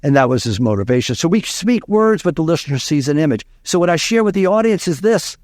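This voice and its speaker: A man's voice: fairly high pitch, big pitch swings, fast, a little mellow, no room sound, clean studio sound. A man from Louisiana, a speaking coach telling stories in an interview, emphatic and repeating key lines. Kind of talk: interview storytelling.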